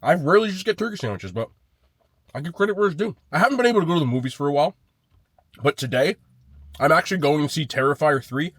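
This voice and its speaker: A man's voice: a little high, lively intonation, fast, pauses often, dry recording. A man reviewing chain restaurant sandwiches in a casual vlog, blunt and swearing freely as he rates them. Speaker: food vlogger.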